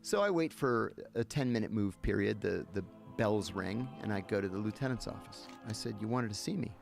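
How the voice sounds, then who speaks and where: A man with a lowish voice and vocal fry talks a little fast, telling a story as a podcast guest. It's casual and animated, with the dialogue acted out, and music plays behind him.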